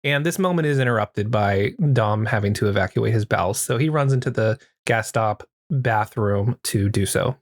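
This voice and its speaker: A man casually recapping a horror film as a podcast host, joking and crude, tossing in quick put-on voices. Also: fairly low pitch, dry recording, studio quality. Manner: crude, joking retelling with acted quotes.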